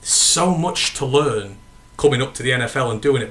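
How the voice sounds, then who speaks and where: A man's voice: medium pitch, lively intonation, normal speed, fairly bright tone. A man with a northern English accent hosting a casual sports podcast, rambling and correcting himself as he answers live chat questions. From northern England. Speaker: podcast host.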